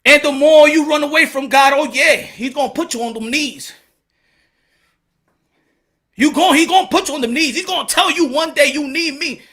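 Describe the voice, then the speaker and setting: A man hosting a boxing channel, giving an impassioned to-camera monologue in blunt street slang, fervent and preachy, often breaking into shouts. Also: extremely high pitch, moderate pace.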